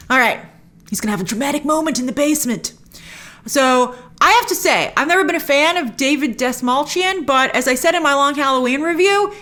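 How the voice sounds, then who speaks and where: A woman hosts a trailer reaction in a chatty, opinionated way, full of quick asides. Her voice sits a little high and swings widely in pitch. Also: fairly bright tone. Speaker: host of a film trailer reaction show. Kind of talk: casual trailer reaction commentary.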